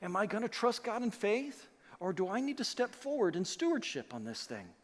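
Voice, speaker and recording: A man preaching a sermon as pastor, animated and emphatic, acting out the voices he quotes. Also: high-pitched, normal speed. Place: church sanctuary. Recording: long hall reverb.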